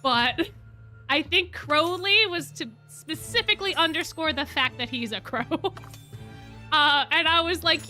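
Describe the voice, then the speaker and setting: A young woman streamer chatting casually to her viewers, excitable and gushing, often repeating herself. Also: high voice, a little slow, soft background music. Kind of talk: casual reaction chat. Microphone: desk mic.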